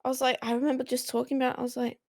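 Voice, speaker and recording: A woman's voice: high-pitched, racing, dry recording. Australian woman telling stories, dry close sound. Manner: animated storyteller acting out both sides of conversations, swears freely. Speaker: podcast co-host. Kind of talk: casual chat.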